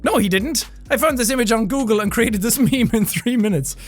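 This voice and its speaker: An excitable streamer with an Irish accent from Offaly, swearing and laughing through casual reaction commentary. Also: medium pitch, fairly quick, soft background music. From Offaly, Ireland.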